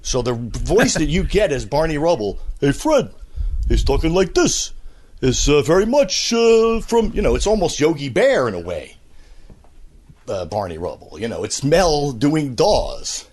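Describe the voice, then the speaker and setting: A man's voice: a little high, normal speed. A man, a voice actor and radio host, chatting casually at home while a little out of breath from a cold, telling rambling stories. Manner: animated, rambling storyteller who slips into impressions. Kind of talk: casual interview chat. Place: at home, walking around.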